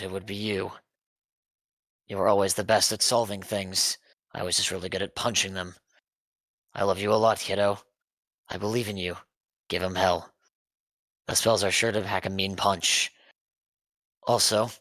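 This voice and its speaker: A young man player reading a letter aloud during a tabletop game, steady and quick. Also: on the low side, no room sound, poor audio.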